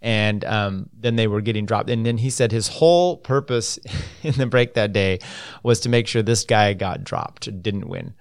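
A man's voice: on the low side, normal speed, clear, resonant tone, no room sound, clean studio sound. A man hosting a casual solo podcast, reading news items aloud and adding loose, rambling asides with many fillers. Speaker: podcast host.

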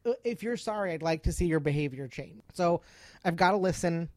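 Earnest woman with a lowish voice. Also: fairly quick, a little mellow, dry recording. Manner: earnest, emphatic, repeats herself. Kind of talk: casual podcast chat.

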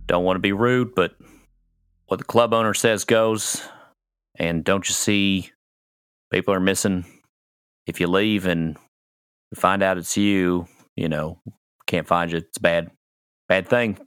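A man playing a blunt night club bouncer who talks casually and haltingly, with a touch of apology. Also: low-pitched, fairly even intonation, fairly bright tone, clear, resonant tone, no echo, clean studio sound. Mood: firm.

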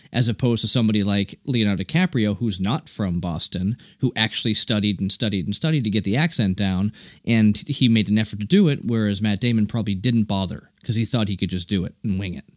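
A man's voice: lowish voice, darkish tone, no echo, clean studio sound. A man reviewing a movie in casual chat, chatty and laughing often.

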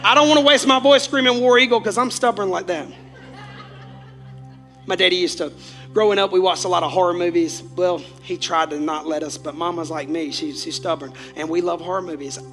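A man preaching a Sunday sermon as pastor, animated and swinging between shouted lines and quiet asides. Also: high voice, a little fast, soft background music.

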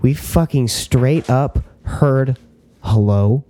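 Male co-host, casual chat, mellow dark tone, swears freely, excitable storyteller. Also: mid-range voice, fairly quick. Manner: excitable, swears a lot, retells stories with quoted voices. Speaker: podcast co-host.

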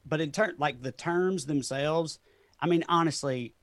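A man's voice: on the high side, a little slow, fairly bright tone, no room sound. A man with a Southern Tennessee accent, a comedian talking loosely and often laughing in an interview. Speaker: comedian guest. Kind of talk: casual interview chat.

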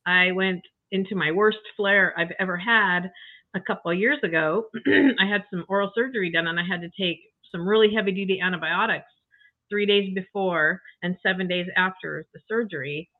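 A woman's voice: lowish voice, steady tone, moderate pace. Older woman on a tinny call line. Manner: chatty, emotional, frequent you-knows and restarts. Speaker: interview guest. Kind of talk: casual personal story. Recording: tinny phone-like call audio.

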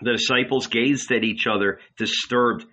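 A man reading an audiobook in measured, dramatic scripted narration. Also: medium pitch, fairly even intonation, sharp tone, low-quality recording.

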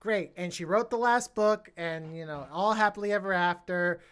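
A woman's voice: lowish voice, moderate pace, smooth. A woman co-hosting a podcast, recapping a movie plot in casual, rambling chat and swearing freely. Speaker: podcast co-host.

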